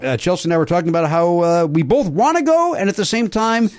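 A man's voice: high-pitched, lively intonation, fast talker, no echo. A middle-aged man hosting a comedy podcast, talking casually and self-deprecatingly with lots of filler words. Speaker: podcast host. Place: podcast studio.

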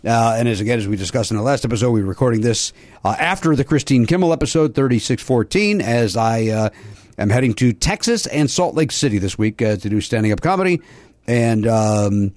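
A man's voice: medium pitch, expressive, brisk, a little mellow, dry recording. A middle-aged man hosting a comedy podcast, talking casually and self-deprecatingly with lots of filler words. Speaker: podcast host. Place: podcast studio.

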